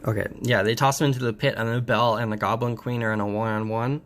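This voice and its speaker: A man casually summarizing and reviewing a comic book, talking in a halting way with many pauses and restarts. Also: medium pitch, fairly even intonation, a little hiss or hum.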